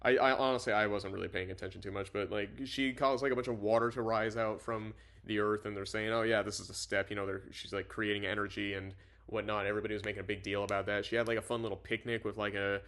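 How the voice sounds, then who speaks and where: A man reads a novel aloud and casually comments on it, rambling and frequently correcting himself, with plenty of fillers. His voice is lowish, a bit bright, level in tone, and fast.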